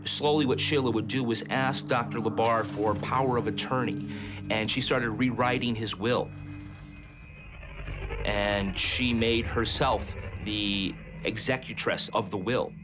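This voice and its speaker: A male journalist recounts a case in a plain, matter-of-fact way. His voice sits a little low. Music plays beneath the interview. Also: steady tone, unhurried. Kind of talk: documentary interview. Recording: music bed under the voice.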